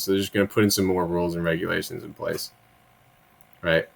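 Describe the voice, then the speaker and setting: A man's voice: low-pitched, flat delivery, a little fast, creaky, long pauses. A man hosting political commentary, reading bill text aloud and then riffing on it in a blunt, profane, sarcastic way, often tagging his points with "right?". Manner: frequent tag questions, conversational asides.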